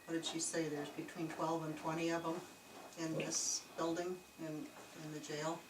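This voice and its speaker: A woman telling a chatty, animated story indoors in an old jail, laughing easily. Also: low voice, moderate pace. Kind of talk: casual storytelling to investigators. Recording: echoey, distant, noisy camcorder audio.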